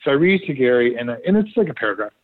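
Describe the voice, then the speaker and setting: Husky-voiced man telling a story. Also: mid-range voice, very fast, dry recording, phone-quality sound. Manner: animated, quotes others in reported dialogue. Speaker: guest, former TV producer. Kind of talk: casual anecdotal storytelling.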